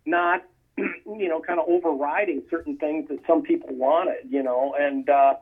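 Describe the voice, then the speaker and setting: A man's voice: on the high side, steady tone, moderate pace, slightly rough. A man chatting casually about old films, rambling with many fillers and restarts. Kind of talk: casual film chat. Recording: tinny phone-line sound.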